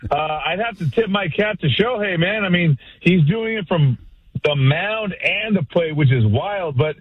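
A man phones in to a sports radio show, talking in an excited, slangy ramble. His voice is somewhat husky and a bit high, squeezed through a tinny phone line. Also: unhurried, no echo. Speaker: caller. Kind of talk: casual call-in.

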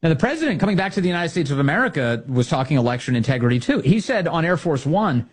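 Animated, sarcastic male talk host. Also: fairly high pitch, quick pace, hardly any pauses, husky. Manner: sarcastic and animated, mocking rhetorical questions. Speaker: political commentary host. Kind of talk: opinionated talk show monologue.

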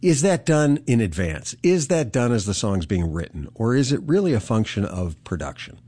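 A man's voice: mid-range voice, sing-song, moderate pace, warm tone, slightly rough. A man hosting an interview, asking curious, probing questions in a casual way. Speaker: interview host.

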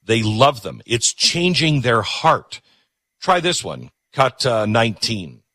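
A man hosting a show and commenting between clips in an animated way. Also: medium pitch, slow, no echo. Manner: animated, talks over clips. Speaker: host.

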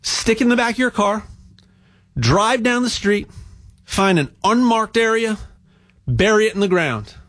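A man talks in a loose, rambling way, tripping over repeated words as he promotes buying gold. His voice sits a little high for a man. He builds into animated rants about spending and debt. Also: measured pace, long pauses. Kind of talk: casual sales monologue.

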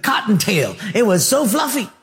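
A joking ranch cook with a rural American country drawl, as a preacher puts him on. The voice sits fairly high for a man and rolls out homespun sayings in an easy, folksy way. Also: big pitch swings, normal speed, vocal fry, fairly bright tone, full character voice.

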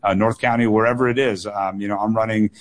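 A man's voice: fairly low pitch, steady tone, fast talker. A young adult man from the United States, a political candidate answering questions on a call-in radio show, earnest and often restarting his phrases. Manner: earnest, with frequent restarts and repeated words.

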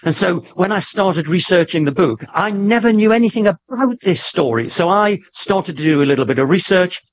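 A man's voice: fairly high pitch, husky. A middle-aged man, a guest author, telling his story in an earnest, conversational way on the radio. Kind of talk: radio interview. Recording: dull lo-fi broadcast audio.

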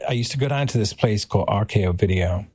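Man, storytelling podcast guest, husky low voice, lively, dry sound. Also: quick pace, no echo. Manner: animated, acts out voices in the story. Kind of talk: anecdotal storytelling.

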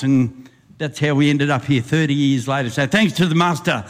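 An older man with an Australian accent performs a rhyming bush poem, riding its beat and slipping in chuckles. His voice sits a little high. The live stage sound carries a long hall reverb. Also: moderate pace. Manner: lively rhythmic recitation with chuckles. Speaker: bush poet and compere. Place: live venue with audience.

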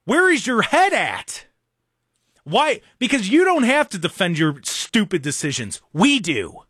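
A man's voice: sits high, huge pitch swings, measured pace, pushed and bright, slightly rough, no room sound, clean studio sound. A young adult man, hosting a sports talk show and ranting in an exasperated, emphatic way. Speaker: sports talk radio host.

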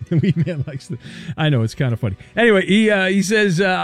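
Jokey radio host guy, higher voice, soft music underneath, reads listener notes fast. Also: dry recording. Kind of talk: talk radio hosting.

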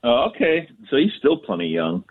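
A man chatting in a loose, rambling way over a tinny phone line. His voice is a little husky and moves around a lot in pitch. He sounds like a co-host dialed in from the road. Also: huge pitch swings, normal speed. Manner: casual, rambling, laid-back.

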